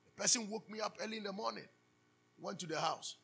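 A man preaching a sermon as pastor, animated, asking the congregation to finish his sentences. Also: high voice, fast, creaky, slightly rough. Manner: animated preaching with call-and-response questions.

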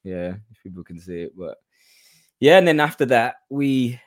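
A man's voice: medium pitch, animated, normal speed, no echo. Thirties British guest, eager, backs up his partner, dry mic. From United Kingdom. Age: 30s. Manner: eager, agreeable, repeats short phrases. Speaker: guest, show creator. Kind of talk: casual interview chat.

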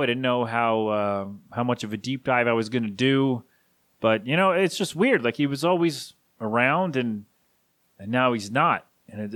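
A man, in his thirties, hosting a solo podcast and speaking haltingly with grief, his voice catching as he rambles through a tribute. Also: medium pitch, fairly bright tone, dry recording, clean studio sound. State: grieving, voice catching. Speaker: podcast host.

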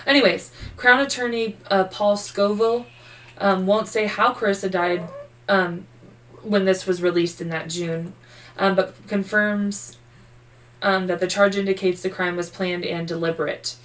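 A woman's voice: mid-range voice, fairly even intonation, a little slow, a bit bright, recorded from a distance, poor audio. A sleepy woman co-hosting a true-crime podcast, narrating the case casually with swearing and jokes. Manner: profane, loose and joking while reading case notes. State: sleepy, yawning. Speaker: podcast co-host.

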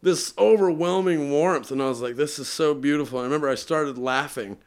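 A man guest on a podcast, telling a long story in a casual, animated way, laughing often and filling with "like". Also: medium pitch, fast, clear, resonant tone. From Utah.

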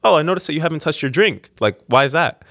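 A man's voice: fairly high pitch, lively intonation, fast talker, vocal fry, a bit bright, dry recording, pitched above the performer's own voice. A pushy young woman, coaxing and insistent, wheedling a stranger into buying her a drink, as a man retells it in his own lightly raised voice. It stays close to his everyday storytelling sound.

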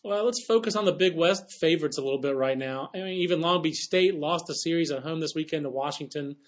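A man hosting a sports podcast with a voice pitched a bit above the usual. He talks in a quick, chatty way and tosses in playful asides. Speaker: podcast host. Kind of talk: casual sports chat.

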